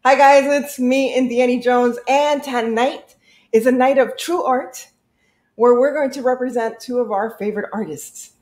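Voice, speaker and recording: A woman's voice: high-pitched, moderate pace, darkish tone, roomy sound. A woman hosting a craft livestream, playful and upbeat. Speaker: craft channel host. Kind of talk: livestream chat.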